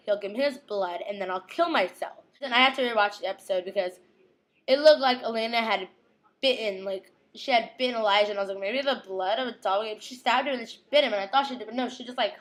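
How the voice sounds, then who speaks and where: A young woman giving a casual fan recap of a TV episode, chatty and slangy, acting out scenes in quick quoted asides. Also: medium pitch, poor audio.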